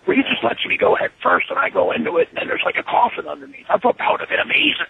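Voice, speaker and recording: A man in an interview, telling an animated, profane story and acting out what was said. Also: very high voice, rapid-fire, creaky, phone-quality sound, a little hiss or hum. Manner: animated, profane, acts out his own quotes. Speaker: interview guest.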